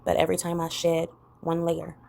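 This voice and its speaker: A woman's voice: completely flat delivery, fairly quick, mellow. A woman talking reflectively in a personal vlog, rambling and full of "you know" fillers. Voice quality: gravelly low voice. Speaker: vlogger.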